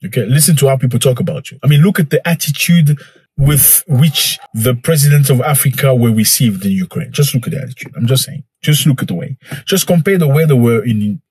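A man delivers reaction commentary with a husky, breathy edge to his voice. He talks emphatically and preachily, repeating key phrases for effect. The sound is dry and close, with little room around it. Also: mid-range voice, lively intonation, fairly quick, a little mellow, no echo. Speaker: commentator reacting to a news clip. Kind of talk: direct-to-camera commentary.

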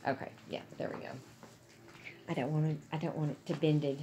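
A woman's voice: low-pitched, level tone, a little fast, mellow, a little hiss or hum. A woman chatting casually and gushing to her viewers about gifts she is unboxing. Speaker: vlogger.

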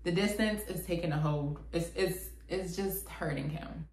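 A woman hosting her channel, explaining things in a relaxed, chatty way and often saying "like". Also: fairly low pitch, normal speed, loud music behind the voice. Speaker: channel host. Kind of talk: casual explanatory talk to camera. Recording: echoey room.

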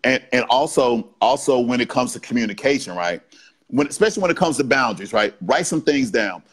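A man's voice: medium pitch, lively intonation, a little fast, husky. Man explaining in bursts, tags "right?". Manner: explains in short bursts, tagging lines with "right?". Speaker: guest BDSM educator. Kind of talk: casual podcast interview talk.

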